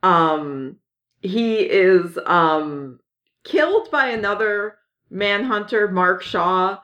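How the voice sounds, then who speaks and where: A woman's voice: medium pitch, lively intonation, slow pace, a bit bright, lo-fi sound. A woman co-hosting a casual podcast chat, rambling with many fillers and restarts, often giggling. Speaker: podcast co-host. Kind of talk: casual chat about comics.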